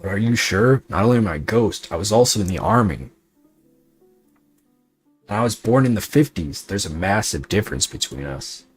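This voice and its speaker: A man voicing a brooding ghost who was once a soldier, with a somber, halting delivery. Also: lowish voice, expressive, slightly rough, faint music behind. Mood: hesitant.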